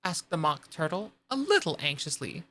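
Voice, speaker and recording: A woman's voice: deep voice, very animated, moderate pace, fairly bright tone. A woman streamer narrating a classic storybook aloud, with casual asides between passages.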